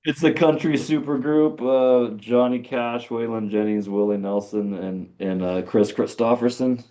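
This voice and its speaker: A man's voice: mid-range voice, steady tone, measured pace, dark tone. A man who is a musician guest on a podcast, talking in a laid-back, hesitant way with many fillers. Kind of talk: casual interview chat.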